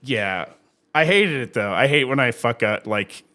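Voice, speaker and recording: A man co-hosting a podcast, telling stories in a casual, animated way, swearing often and laughing. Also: mid-range voice, unhurried. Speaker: podcast co-host and comedy show host. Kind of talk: casual storytelling chat.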